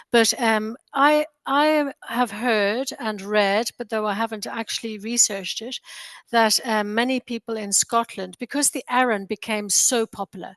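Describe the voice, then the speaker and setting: A woman talks as a guest historian on a live video call, sounding tired. Her voice sits at a middle pitch, and the sound is close and dry. She wanders through her points with hedges and self-deprecating asides. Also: fairly bright tone, dry recording. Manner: discursive, hedging, self-deprecating. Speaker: guest textile historian and author. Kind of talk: casual live video chat.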